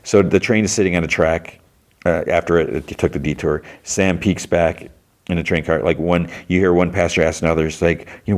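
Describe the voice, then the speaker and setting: A man's voice: sits low, darkish tone. A man hosting a podcast, recapping a TV episode in a loose, rambling way full of "like" fillers and restarts, lightly lifting his voice when he quotes characters. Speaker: podcast host.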